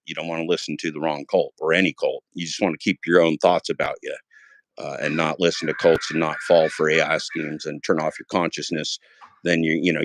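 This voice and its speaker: A man in his fifties hosting a livestream, talking in a rambling, profane way, repeating phrases and swinging loud and high when worked up. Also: no room sound. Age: 50s. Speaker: livestream host. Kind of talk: casual livestream monologue.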